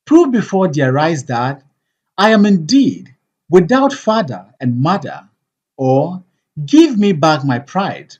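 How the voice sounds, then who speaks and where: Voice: mid-range voice, big pitch swings, slow, a little mellow, slightly rough, highs cut off, full character voice. A reader voicing a proud, hot-tempered king who demands the truth, in a commanding, indignant way, in a play read aloud. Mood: angry. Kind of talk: audiobook play reading.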